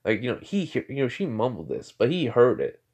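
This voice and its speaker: A man's voice: mid-range voice, very animated, a little fast, darkish tone, slightly rough. A man casually making up a fan fiction story aloud, rambling with lots of "like" and "you know" and often correcting himself.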